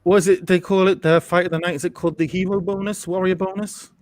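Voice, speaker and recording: A man co-hosting a live fight watch-along, chatting casually and jumping up in pitch when he reacts. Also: level tone, quick pace, a little mellow, dry recording. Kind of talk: casual live commentary chat.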